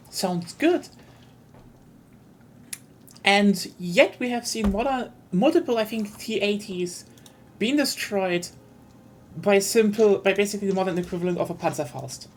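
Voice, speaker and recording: A woman's voice: mid-range voice, animated, moderate pace, pauses often, slight background noise. A woman streaming a strategy game, chatting casually and explaining at length as she thinks aloud. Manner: explanatory, thinks aloud in long winding turns.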